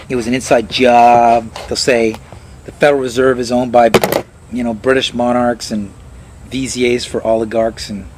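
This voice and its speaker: A man's voice: a little hiss or hum, low-quality recording. Sarcastic ranting man. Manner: sarcastic, swears, jumps into high mocking voices. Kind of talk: mocking casual rant.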